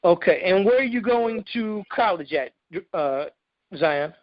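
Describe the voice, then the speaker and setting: A man hosting a casual video-call interview, joking and teasing his young guests in relaxed slang. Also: sits high, measured pace, no echo, dull audio. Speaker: interview host.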